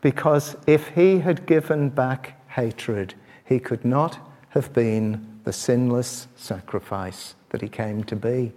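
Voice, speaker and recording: A middle-aged man preaching a sermon, asking his listeners direct questions and swinging between loud, quick passages and quiet, slow reflection. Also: mid-range voice. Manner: rises loud and fast when stirred, drops quiet and slow to reflect.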